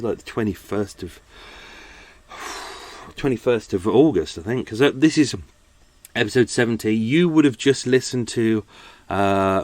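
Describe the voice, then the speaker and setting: A man chatting casually and unscripted as a podcast host, tired and a little out of breath, talking from his boat. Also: medium pitch. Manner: rambling, chatty, self-deprecating.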